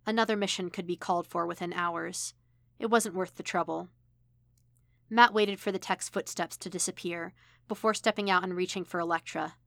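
A woman reads a story aloud in a steady, even manner. Her voice sits low with a gravelly fry, recorded close and dry. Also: normal speed, no room sound. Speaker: podfic reader. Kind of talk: storytelling narration.

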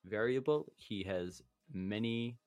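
A young man in casual podcast chat, easygoing and rambling, often pausing to search for words. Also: fairly low pitch, a little mellow, dry recording, faint music behind.

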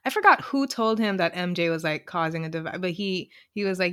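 A woman's voice: fairly low pitch, fairly quick, smooth, dry recording. Giggly woman co-host, dry close sound. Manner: laughing, excitable, lots of fillers. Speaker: podcast co-host. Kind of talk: casual recap chat.

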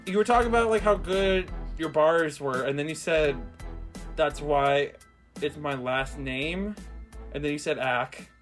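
A man's voice: on the high side, unhurried, soft background music. A man hosting playful comedic banter, questioning and critiquing a rap in a dry, skeptical way.

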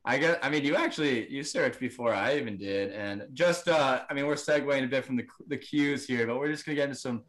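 Man, podcast host from New Jersey, monotone surfer drawl, laid-back, filler-heavy. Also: medium pitch, brisk, hardly any pauses. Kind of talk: casual conversation.

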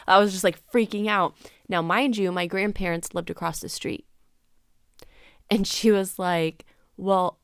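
A woman's voice: lowish voice, fairly quick, clean tone, no room sound, studio quality. A young adult woman hosting a podcast, telling a personal story in a candid, rambling way full of fillers and acted-out dialogue. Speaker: podcast host.

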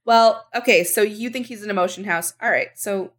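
A woman's voice: mid-range voice, moderate pace. A woman co-hosting a casual podcast chat, opinionated and laughing as she argues her point. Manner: opinionated, laughing, acts out quotes. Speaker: podcast co-host.

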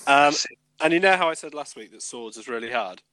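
A man of middle pitch with a lively voice, recorded dry and close. He teases the others and lays out his legal points firmly. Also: a little fast, no echo, poor audio. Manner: teasing, explains with dry certainty. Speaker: podcast co-host, researcher of the law. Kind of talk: casual banter.

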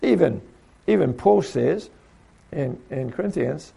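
A man's voice: sits high, expressive, unhurried, gravelly, dark tone, husky. A man preaching a sermon to trainees, asking rhetorical questions and now and then mimicking the voices of other people.

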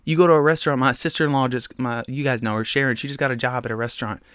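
A man's voice: mid-range voice, steady tone, very fast, fairly bright tone, clear, resonant tone, dry recording, clean studio sound. A man hosting a podcast alone, ranting bluntly and heatedly in casual slang and talking straight to his listeners. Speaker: podcast host.

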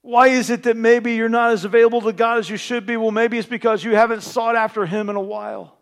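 A man preaching a sermon as pastor, swinging between hushed, intimate passages and loud, emphatic repeated declarations. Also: very high voice, fairly even intonation, fast, few pauses.

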